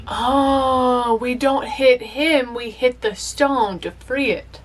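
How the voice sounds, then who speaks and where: Girl w a high voice doing movie reaction commentary, gets all worked up and talks to the screen. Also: slow pace, a little hiss or hum. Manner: excitable, emotional, talks back to the screen.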